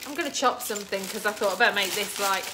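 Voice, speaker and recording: Speaking quickly in a mid-range voice, a middle-aged woman runs a relaxed live cooking stream from her home kitchen. She chats along, calls out viewers by name, and teases herself, while a children's game can be faintly heard nearby.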